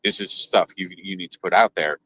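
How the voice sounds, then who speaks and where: A man, a guest on a livestream interview, explaining things haltingly with many fillers. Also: low-pitched, fairly even intonation, sharp tone, a little hiss or hum, rough recording.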